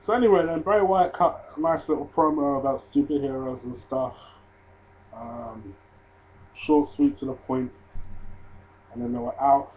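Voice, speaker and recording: A man casually reviewing a wrestling show, swearing freely and ranting in loud disbelief. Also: mid-range voice, normal speed, long pauses, slight background noise. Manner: profane, ranting, gets loud and incredulous. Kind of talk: casual solo review vlog. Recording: tinny phone-like audio.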